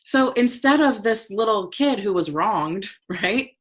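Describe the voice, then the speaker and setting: A woman's voice: medium pitch, expressive, measured pace. A woman teaching about emotional intelligence in a conversational, motivational way. She keeps checking in with her listeners and talks frankly, with the odd swear word. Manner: frank, uses casual swearing.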